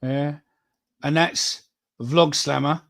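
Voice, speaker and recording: Gravelly podcast host. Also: male voice, a little high, steady tone, slow, fairly bright tone, no echo. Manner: crude, joking, drops "mate" and "innit". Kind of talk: casual banter reading out names.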